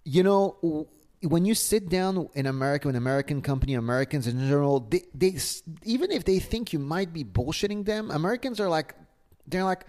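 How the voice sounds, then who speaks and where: A man with a French accent, telling a story as an interview guest, animated, restarting often and swearing casually. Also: a little high, a little fast. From France.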